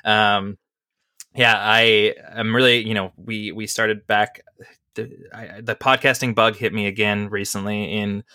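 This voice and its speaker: A man's voice: on the low side, level tone, a little slow, bright, forceful tone, smooth, no room sound, studio quality. A man hosting a podcast, chatting casually and rambling with lots of fillers and laughs. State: has the hiccups. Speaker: podcast host. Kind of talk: casual chat.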